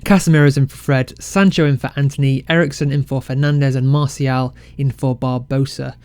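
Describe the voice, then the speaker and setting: A man casually commentating his football management game, excitable and self-mocking. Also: medium pitch, fairly quick, smooth, no room sound. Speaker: game let's-play creator.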